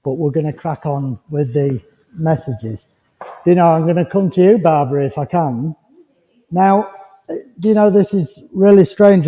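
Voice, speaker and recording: Chatty medium in an echoing hall. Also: male voice, fairly high pitch, unhurried. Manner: chatty, rambling, gently reassuring. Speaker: spiritualist medium. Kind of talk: mediumship demonstration to a congregation. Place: village hall. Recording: dull lo-fi recording with long hall reverb.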